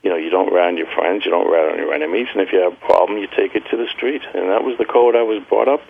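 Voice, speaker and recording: A man's voice: deep voice, fairly even intonation, fast, creaky, husky. A man interviewed as a guest on a radio show, speaking bluntly and plainly, with frequent "uh"s. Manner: blunt, plain-spoken, with many "uh"s. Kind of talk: phone-in interview. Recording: narrow phone line.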